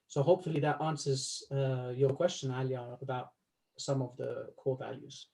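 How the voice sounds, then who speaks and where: A male life coach giving a coaching talk to a small group, instructive, slowing down to stress key words and laughing easily. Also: mid-range voice, fairly even intonation, vocal fry, warm tone, low-quality recording.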